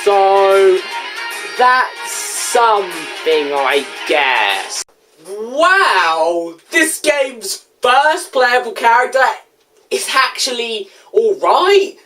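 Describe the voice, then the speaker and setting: A woman's voice: medium pitch, very animated, drawn-out words, a bit bright, faint music behind. Sarcastic ranting woman reviewing a game. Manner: rhetorical questions and exasperated asides. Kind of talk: casual video game review.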